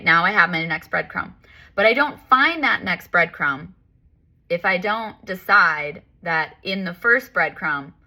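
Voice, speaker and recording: A woman talks through her spiritual practice in an easy, personal monologue. Her voice sits fairly low yet sounds bright and forceful, and she leans on repetition and emphatic self-talk. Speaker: spiritual life coach. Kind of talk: casual reflective self-help monologue.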